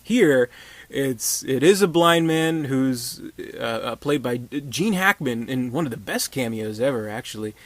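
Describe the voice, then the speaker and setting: Casting: chatty male movie reviewer, mid-pitched, rambling delivery, dry close sound. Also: animated, unhurried, no room sound. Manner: rambling, many fillers and restarts. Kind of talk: casual film review.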